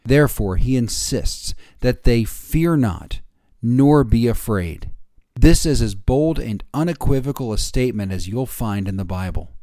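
Measured, mellow-voiced male Bible podcast host. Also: mid-range voice, animated, no room sound, clean studio sound. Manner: measured, slowing for quoted scripture. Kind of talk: devotional commentary.

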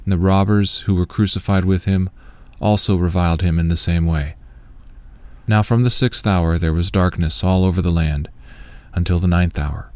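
A man reading a long scripture passage aloud in a measured, solemn way. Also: low voice, a little mellow, no echo. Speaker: scripture reader.

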